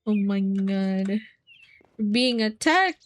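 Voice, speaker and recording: Slow-talking playful woman streamer. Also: a little high. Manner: playful, chatty, squeals and laughs often. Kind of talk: casual gameplay chat.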